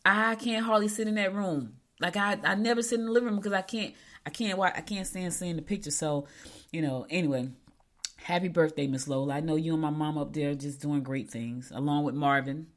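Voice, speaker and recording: A woman's voice: low voice, fairly quick. A middle-aged woman hosting a local show, telling stories in a rambling, chatty way. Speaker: local radio show host. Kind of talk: casual chat.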